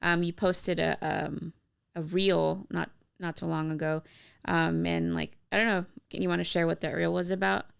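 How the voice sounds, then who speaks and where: Gravelly, smooth-voiced woman chatting casually. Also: fairly low pitch, little pitch movement, normal speed. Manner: rambling, many fillers and restarts. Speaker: podcast co-host. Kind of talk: casual faith-based chat.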